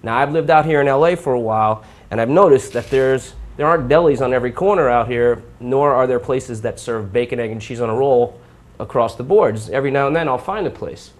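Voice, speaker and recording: Casual male cooking-show host from New York, mid-pitched, talks loosely as he works the stove. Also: fairly quick. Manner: chatty, informal, talks while cooking. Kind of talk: live cooking demonstration. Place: home kitchen.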